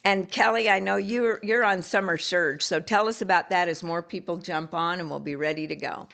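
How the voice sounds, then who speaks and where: Gravelly-voiced woman coaching a live call. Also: fairly low pitch, moderate pace, a bit bright. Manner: storytelling, encouraging, conversational with restarts. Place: video call.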